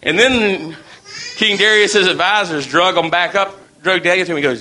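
A man's voice: sits high, normal speed, sharp tone. A man preaching a sermon in a folksy, storytelling way.

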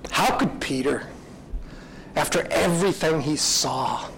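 A man's voice: sits high, expressive, unhurried, slight background noise, rough recording. A man preaching a sermon, retelling a story in an earnest, reflective way.

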